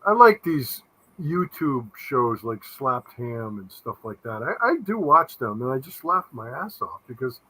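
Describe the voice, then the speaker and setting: A man's voice: mid-range voice, big pitch swings, measured pace, pushed and bright, breathy edge, rough recording. A man from Connecticut, a guest paranormal investigator, telling blunt, skeptical stories in casual chat. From Connecticut, USA.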